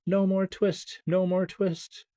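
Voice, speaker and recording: Guy doing cheeky little mice, singsongy and higher, dry close sound. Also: flat delivery, slow, no room sound. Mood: shouting. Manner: sing-song, higher and louder. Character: chorus of tiny cheeky mice singing rhymes.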